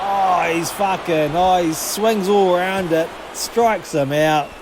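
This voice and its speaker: A man doing excitable, sweary, jokey play-by-play commentary over a baseball video game he is playing as a gaming channel host. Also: sits high, slow pace, background noise.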